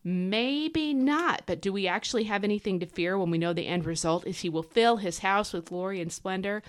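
A woman hosting a devotional podcast, teaching casually and emphatically, a fast talker with fillers and self-corrections. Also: mid-range voice. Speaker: podcast host. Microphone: podcast microphone.

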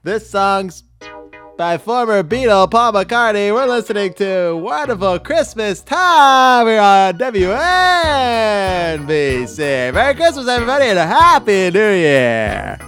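A man putting on the voice of an upbeat, showy male radio DJ with bright announcer patter. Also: high voice, sing-song, slow, soft background music, pitched above the performer's own voice, exaggerated voice.

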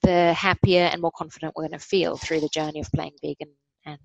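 A woman guest in a casual interview, talking in an encouraging way and growing bright and lively when she acts out kind self-talk. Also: sits low, fairly quick, gravelly, dry recording, lo-fi sound. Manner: warm, encouraging, animated when voicing positive self-talk. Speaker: podcast guest.

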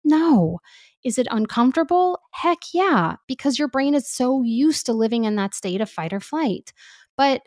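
A woman speaking as a parenting expert guest in casual podcast talk, animated and chatty with lots of fillers. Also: sits high, normal speed, no room sound, clean studio sound.

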